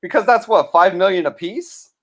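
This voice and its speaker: Lively male host, sing-song pitch. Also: normal speed, crowd noise. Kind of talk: casual chat.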